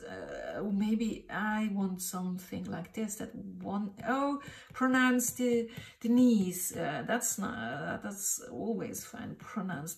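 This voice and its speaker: A woman thinking aloud as she draws, hesitant and muttering, asking herself questions as she goes. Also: mid-range voice. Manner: hesitant, muttering, many fillers and self-questions. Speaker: drawing teacher. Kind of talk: thinking aloud while drawing. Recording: roomy echo, distant mic.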